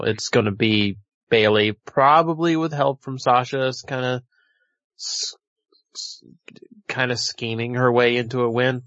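A man's voice: mid-range voice, a bit bright, dry recording. Wry, rambling man in a casual chat. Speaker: podcast co-host. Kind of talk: casual wrestling prediction chat. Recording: dull lo-fi audio.

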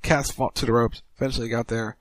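A man co-hosting a casual podcast, recapping wrestling moves in quick play-by-play style. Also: little pitch movement, no room sound, rough recording. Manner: rapid recap, mimics crowd chants in a higher voice.

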